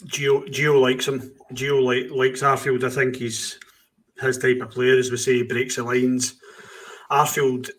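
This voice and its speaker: A man talks football on a casual podcast, blunt and opinionated. His pitch is middling and stays fairly flat. He often asks rhetorical questions and then answers them himself. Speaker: podcast co-host.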